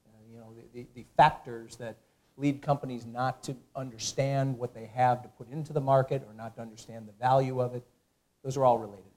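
A man speaking as a panelist, adding a point in a measured way. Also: medium pitch, fairly even intonation, darkish tone. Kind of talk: panel discussion.

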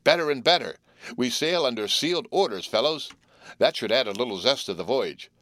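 A man's voice: mid-range voice, lively intonation, fairly quick, a bit bright, no echo, clean studio sound, pitched above the performer's own voice, close to an everyday voice. Cheerful, gushing teenage boy in a storybook, voiced by a man. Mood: enthusiastic. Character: enthusiastic, good-hearted teenage boy.

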